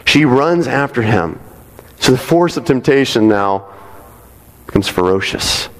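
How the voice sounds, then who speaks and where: A man's voice: medium pitch, expressive, measured pace. A man preaching a sermon to a congregation in a conversational way, often checking in with "right?". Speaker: pastor. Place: church sanctuary. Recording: long reverb of a large hall.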